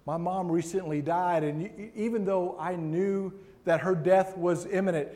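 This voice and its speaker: Slow, emphatic man preaching in a hall. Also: high-pitched, fairly even intonation, dark tone. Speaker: guest preacher. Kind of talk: sermon. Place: large hall. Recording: long hall reverb.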